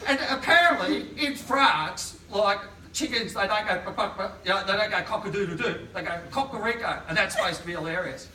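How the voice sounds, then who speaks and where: A man's voice: sits high, brisk, hardly any pauses, bright, forceful tone, slight background noise. Man rambling through a stand-up set. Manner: rambling, laughs through his own punchlines. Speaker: stand-up comedian. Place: live comedy venue. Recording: roomy live room, distant mic.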